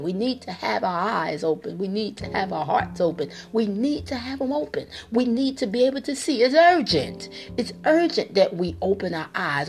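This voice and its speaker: A woman's voice: mid-range voice, a little mellow. A woman preaching a podcast sermon, insistent and repeating key words for emphasis, then leading a prayer.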